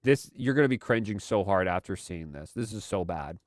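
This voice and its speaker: A man's voice: sits low, lively intonation, a little fast. A man hosting a live commentary stream, talking in a sarcastic, exasperated way. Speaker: streamer host.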